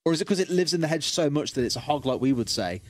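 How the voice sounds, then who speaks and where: A man's voice: a little high, expressive, racing, no echo. A man with an English Midlands accent, joking and teasing in casual banter as an esports caster between maps.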